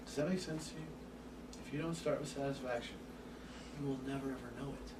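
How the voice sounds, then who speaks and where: A man giving an open forum lecture to a live group, animated and casual, swearing now and then and acting out little scenes. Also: medium pitch, quick pace, reverberant. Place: room with an audience. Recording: distant mic with background hiss.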